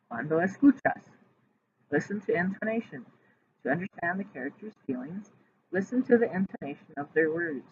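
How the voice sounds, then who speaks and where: A woman's voice: on the low side, highs cut off. Lady teacher reading slides, spells words out letter by letter, sounds like it's over a phone, faint hiss. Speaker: Spanish teacher. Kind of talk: reading lesson slides aloud.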